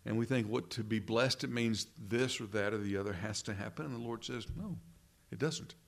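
A man leading prayer and preaching a sermon in an earnest, measured way, often tagging lines with rhetorical questions. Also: on the low side, steady tone, gravelly. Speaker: pastor.

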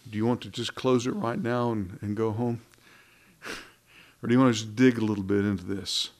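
A man's voice: lowish voice, steady tone, fairly quick, darkish tone. Man, preacher, conversational sermon, wry humor, rhetorical questions, microphone.

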